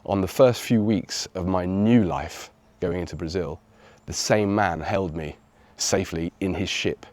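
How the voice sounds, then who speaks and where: English guy vlogging, kinda low voice, chatty reflective storytelling. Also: measured pace. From England. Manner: reflective, animated when quoting others. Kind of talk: personal storytelling.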